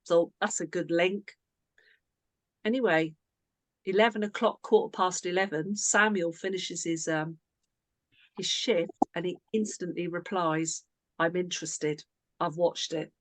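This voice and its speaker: A woman's voice: on the low side, a little slow, pauses often, dry recording. A woman team coach talking casually to her team, telling a chatty story that she keeps interrupting with asides.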